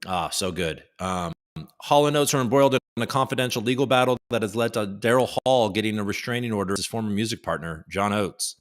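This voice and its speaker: A man's voice: on the low side, fairly quick. A man hosting a livestream, reading news headlines aloud in a casual way with joking asides. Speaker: host.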